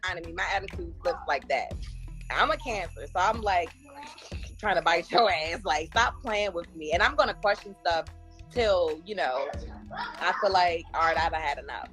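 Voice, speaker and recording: Chatty woman on a dating show owning up to her flaws, lively pitch. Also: normal speed, soft background music. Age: adult with a grown son. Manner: candid, self-deprecating, chatty. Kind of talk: casual panel interview answers.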